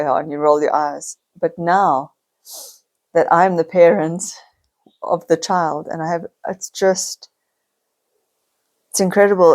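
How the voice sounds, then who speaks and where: A woman's voice: lowish voice, darkish tone. A middle-aged woman, talking to camera in a heartfelt, confiding personal vlog, near tears at times. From South Africa. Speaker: vlogger.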